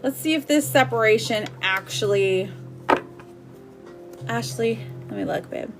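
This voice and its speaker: A woman's voice: a little high, a little slow, creaky, over loud music. A woman reading tarot on a live stream, chatty and affectionate, calling her viewers sweetheart and babe. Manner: chatty, with frequent "like" and laughs. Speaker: tarot reader.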